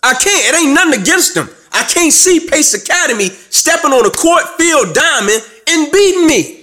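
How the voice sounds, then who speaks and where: A man from Atlanta tells his story in an interview. He speaks emphatically, like a preacher, and builds to loud, rising climaxes. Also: extremely high pitch, sing-song, moderate pace. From Atlanta, USA. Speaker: guest, former student.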